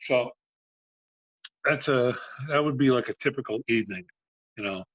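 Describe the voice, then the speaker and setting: A man's voice: medium pitch, normal speed, no room sound, highs cut off. A man in his sixties, a former band road manager, telling profane backstage stories casually and acting out the dialogue. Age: 60s. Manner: profane, animated anecdotes with acted-out dialogue. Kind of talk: casual storytelling.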